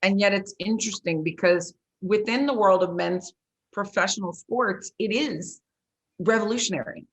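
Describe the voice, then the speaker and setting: A woman hosting a sports podcast, telling stories in a lively, chatty way with plenty of "like" and "you know". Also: medium pitch, normal speed. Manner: lively storyteller, many "like" and "you know" fillers. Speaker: podcast host and former football coach. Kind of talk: casual interview chat.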